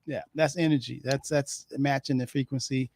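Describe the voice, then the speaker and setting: An older man co-hosting a casual chat, animated, laughing often and acting out quoted voices. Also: medium pitch, moderate pace, dry recording. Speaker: co-host.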